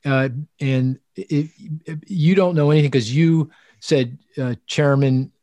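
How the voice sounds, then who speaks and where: A man hosting an interview, asking questions and telling stories in a lively, chatty way with frequent restarts. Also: a little high, measured pace, dry recording. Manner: animated storytelling, frequent restarts and laughs. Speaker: host. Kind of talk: casual interview chat.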